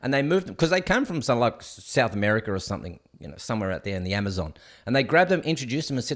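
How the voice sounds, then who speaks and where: A man's voice: mid-range voice, very animated, racing, fairly bright tone. A man with an Australian accent hosting a show, ranting and commenting sarcastically on news stories he reads aloud. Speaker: host.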